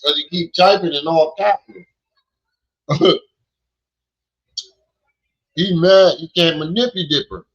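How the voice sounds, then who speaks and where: A man's voice: fairly high pitch, takes it slowly, long pauses, dull audio. A man giving blunt, profane reaction commentary in casual slang.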